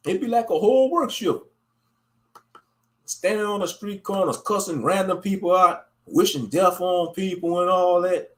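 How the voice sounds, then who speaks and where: A man's voice: high voice, normal speed. A man hosting a casual livestream talk who speaks in a laid-back, slangy way and laughs often. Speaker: host.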